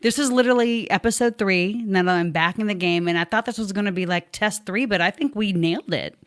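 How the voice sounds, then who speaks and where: A woman's voice: medium pitch, fairly quick, no room sound, studio quality. A woman hosting a casual podcast interview, bubbly and effusive, laughing often. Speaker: podcast host.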